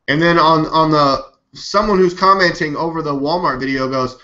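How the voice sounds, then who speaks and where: A man hosts his own live news stream, offering loose, rambling, skeptical commentary and swearing readily. His fairly high-pitched voice has a bright, sharp edge, while the audio is dull and lo-fi, like a cheap webcam mic.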